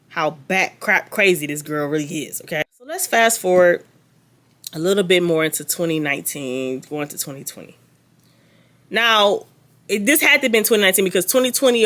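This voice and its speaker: A young adult woman vlogging a story in casual chat, animated and gossipy with sarcastic asides. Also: on the low side.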